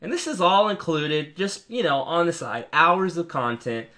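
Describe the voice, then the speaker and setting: A man giving a casual, rambling review of marketing software while clicking through it on screen, with frequent ums and restarts. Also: fairly high pitch, lively intonation, moderate pace. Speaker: product reviewer.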